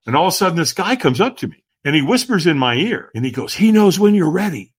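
A man, a podcast guest, telling a personal story in animated conversation, emphatic and acting out what others said. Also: a little high, fast, slightly rough. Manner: acts out quoted voices, emphatic.

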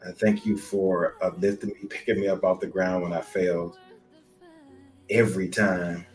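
Deep-voiced earnest man, podcast co-host. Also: level tone, moderate pace, faint music behind. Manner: earnest, emotional, speaks directly to his mother. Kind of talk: heartfelt podcast tribute.

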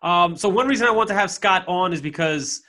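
A man's voice: high-pitched, a little fast, bright, forceful tone. A man hosting a podcast, chatty and upbeat, with frequent fillers and restarts. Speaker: podcast host. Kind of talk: casual podcast interview.

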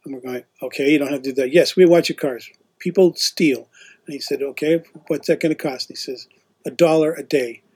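A man with a husky, slightly high voice tells a loose, rambling story. He acts out the lines of the people in it as he goes. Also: a little fast, darkish tone. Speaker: former teacher leading a student trip. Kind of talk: casual storytelling.

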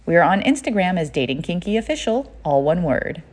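Lively, playful woman podcast host. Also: lowish voice, fairly quick. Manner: playful, chatty storytelling with laughs. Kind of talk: solo podcast monologue.

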